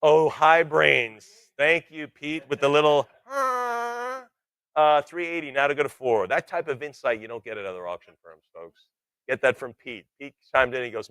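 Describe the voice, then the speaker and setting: A man's voice: a little high, a bit bright, smooth, no room sound. Man calling bids at a live auction. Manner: rapid bid chanting with joking asides.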